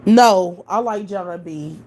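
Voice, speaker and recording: A woman's voice: mid-range voice, takes it slowly, a little mellow. A woman hosting a live stream, talking in a blunt, profane, opinionated way in casual chat.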